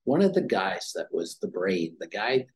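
A man's voice: low-pitched, big pitch swings, moderate pace, breathy edge. A middle-aged man, a former dermatologist, telling his story as an interview guest and acting out the dialogue in it. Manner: anecdotal, acts out quoted dialogue.

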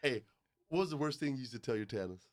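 A man, a skydiving instructor and show host, talking in casual, profane banter with loud bursts of laughter. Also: mid-range voice, lively intonation, quick pace.

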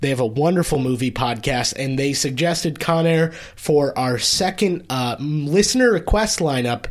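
A man's voice: fairly high pitch, lively intonation, moderate pace. A man co-hosting a podcast in casual chat, with a dry, sarcastic way of talking. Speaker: podcast co-host.

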